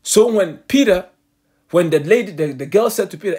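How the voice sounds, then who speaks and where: A man's voice: high voice, animated, normal speed, a little mellow, husky. A man preaching a sermon, calling his listeners family and answering his own rhetorical questions.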